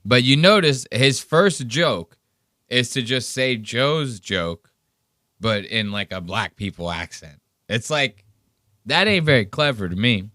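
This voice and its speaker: A man's voice: mid-range voice, a little slow, no echo, clean studio sound. Profane sarcastic podcast host man. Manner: profane, sarcastic, animated storytelling. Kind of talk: casual commentary on clips.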